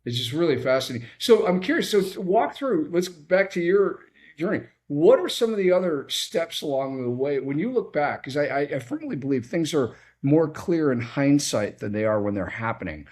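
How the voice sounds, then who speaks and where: A man's voice: fairly high pitch, very animated, moderate pace, hardly any pauses, a little mellow. A man hosting an interview, responding thoughtfully and adding his own example. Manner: reflective, builds on the guest's stories with his own example. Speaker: interview host. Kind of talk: casual interview.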